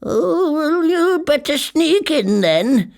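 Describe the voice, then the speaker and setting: A man voicing a kindly, nervous old woman, the ogre's wife, in a high fluttery voice. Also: sing-song, takes it slowly, vocal fry, a little mellow, heavily acted. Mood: warning.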